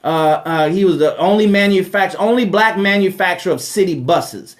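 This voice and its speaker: A man's voice: sits high, normal speed. A man hosting a live question-and-answer talk about money, speaking emphatically in a preachy way, repeating phrases and tagging lines with rhetorical "right?" asides.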